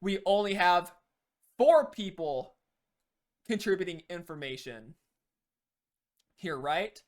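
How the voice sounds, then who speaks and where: Speaking slowly in an expressive, mid-range voice, a game coach gives a casual spoken lesson on team play. It's loose and unscripted, with frequent sentence restarts and "you know" plugging the gaps.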